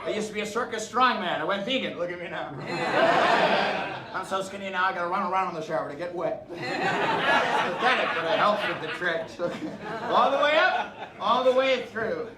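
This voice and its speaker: A man's voice: sits high, expressive, normal speed. A man performing a live stage comedy routine, joking at his own expense and coaxing the audience to cheer along. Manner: joking, self-mocking, coaxing the crowd to cheer. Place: live venue before an audience. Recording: roomy distant mic with loud crowd and noise.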